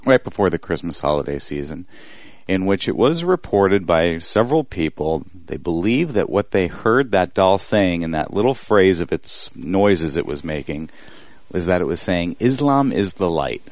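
A man with a deep, calming tone, telling a story in casual podcast chat. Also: moderate pace, dry recording, studio quality.

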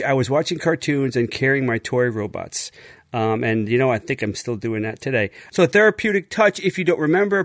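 A man's voice: mid-range voice, no echo, studio quality. A man co-hosting a podcast, presenting a science segment in a jokey, enthusiastic way. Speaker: podcast co-host. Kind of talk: casual chat and segment presentation.

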